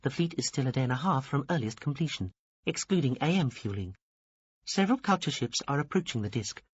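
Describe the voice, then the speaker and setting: A man doing a high, prim little alien officer. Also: animated, brisk, breathy edge, dry recording. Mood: formal. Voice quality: high, stiff bureaucratic delivery. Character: small formal alien officer, fussy and pompous. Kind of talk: audiobook character reading. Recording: dull lo-fi dry recording.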